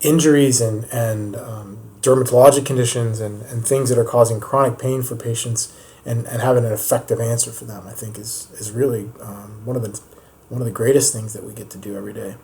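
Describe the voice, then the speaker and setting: A man co-hosting a podcast as a foot and ankle surgeon, explaining things in a steady, conversational way. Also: mid-range voice, brisk. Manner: explanatory, steady, occasional restarts. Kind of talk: casual conversational podcast chat.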